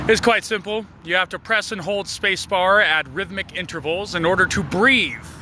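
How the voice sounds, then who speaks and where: A man with a notably high voice tells a joke idea in a wry, mock-grand way, like a casual comedic monologue. He records outdoors, and the steady rumble of passing traffic stays clearly audible behind him. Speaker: video creator.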